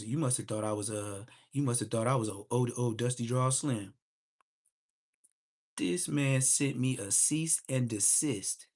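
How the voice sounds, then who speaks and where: Mocking man ranting to camera. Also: medium pitch. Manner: mocking, trash-talking. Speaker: vlogger. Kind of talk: casual ranting monologue.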